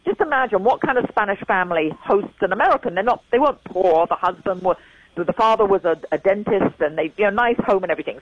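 This mid-range female voice belongs to a woman in her sixties from England with an English accent, a guest on a remote interview who repeats points for emphasis. The sound is lo-fi, with no echo.

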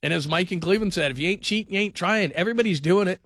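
A man's voice: high voice, very fast, a bit bright, no room sound, studio quality. A man hosting a call-in sports radio show, talking energetically and rambling, often repeating himself.

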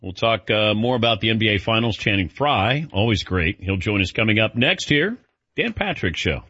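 A man's voice: lowish voice, lively intonation, normal speed, pushed and bright, breathy edge, no room sound. A middle-aged man hosting a sports radio show, chatting casually with a wry, self-deprecating manner. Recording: dull lo-fi broadcast audio.

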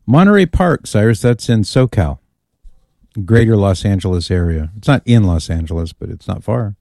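Male talk radio host, jovial banter, deep mellow tone. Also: animated, normal speed, no echo, studio quality. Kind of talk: casual call-in radio chat.

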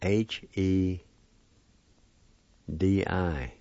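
Slow, low-voiced man teaching pronunciation. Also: dark tone, no echo. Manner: slow, deliberate, sounds out each syllable. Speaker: language teacher. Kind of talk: spelling and pronunciation lesson. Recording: dull lo-fi recording.

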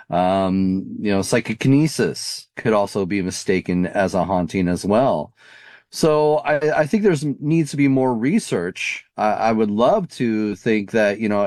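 A man's voice: on the low side, a little mellow, no echo. A man answering interview questions in a thoughtful, searching way, full of "you know" and "um". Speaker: paranormal investigator guest.

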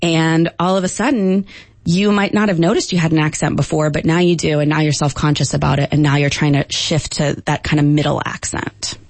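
A woman linguistics professor answering radio interview questions, explaining at a measured pace with frequent ums. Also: low voice, steady tone, darkish tone, no room sound.

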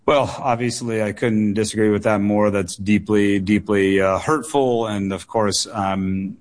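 A man with a slightly low voice answers questions as a political candidate on call-in radio. He speaks earnestly and in measured phrases, and he often doubles words and leans on fillers as he works through a point. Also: fairly even intonation. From United States.

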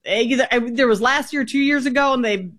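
A host from Minnesota with a Minnesota accent, running a sports radio show and briskly reading out football win totals for the co-host. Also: high-pitched, fairly bright tone. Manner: brisk, sets up each topic for the co-host. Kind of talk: sports betting talk on air.

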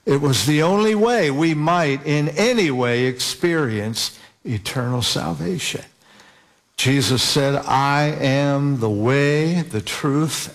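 A man preaching a sermon in an earnest, deliberate way, spelling out key words slowly. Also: medium pitch. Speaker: pastor.

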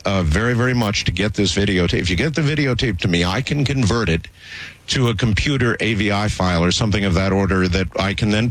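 A man hosting a radio call-in show, calm and insistent, cutting in to steer the caller. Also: fairly low pitch. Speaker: radio talk show host.

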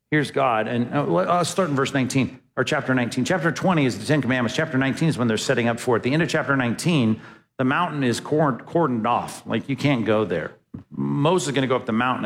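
A man preaching a sermon from the pulpit, talking to the congregation in a casual, conversational way. He throws out rhetorical questions and leans hard into the lines he quotes. His mid-pitched voice rings with the long reverb of a large church hall. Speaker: pastor.

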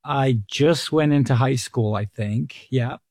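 A man in his fifties who grew up in England talks as a financial advisor on a radio show, earnest and explanatory. He has a mid-pitched voice. The sound is dry and close to the mic. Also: slow, darkish tone, dry recording. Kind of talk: radio talk show guest expert.

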